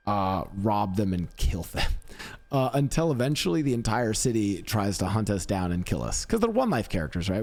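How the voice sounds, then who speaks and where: A man's voice: on the low side, a little mellow. A man streaming live, chatting casually in a rambling, upbeat, self-mocking way. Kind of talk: casual chat.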